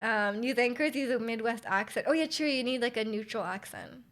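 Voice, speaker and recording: A woman's voice: a little high, a little fast, fairly bright tone. Chatty young Canadian woman streamer. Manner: rambling, trails off, frequent likes and laughs. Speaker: Twitch streamer. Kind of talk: casual chat with stream chat.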